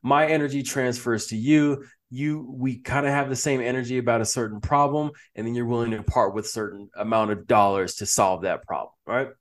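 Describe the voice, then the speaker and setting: A man in the middle of an interview, pitched right in the everyday middle for a male voice. He talks with animated energy, restarting and doubling his words as he builds his point. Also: brisk, hardly any pauses. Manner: animated, restarts and repeats words, laughs easily. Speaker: podcast guest, company founder. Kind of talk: casual interview chat.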